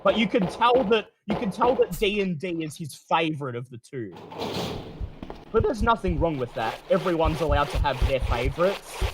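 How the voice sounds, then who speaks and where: A man's voice: fairly high pitch, big pitch swings, normal speed, noisy background. A man streaming a game, explaining at length in casual chat, with frequent restarts and fillers.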